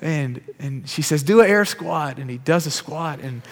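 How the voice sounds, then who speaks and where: A man's voice: on the high side, moderate pace. A man telling a testimony in a sermon, casual and conversational, acting out the people in his story. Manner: lively storyteller who acts out quoted dialogue; conversational, casual fillers like "like" and "bro". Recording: long reverb of a large hall.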